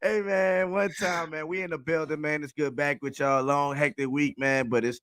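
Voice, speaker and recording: A man, co-hosting a sports podcast and hyping up viewers with slangy shout-outs. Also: a little high, steady tone, moderate pace, dry recording, studio quality. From New Orleans. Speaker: podcast co-host. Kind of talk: casual sports podcast chat.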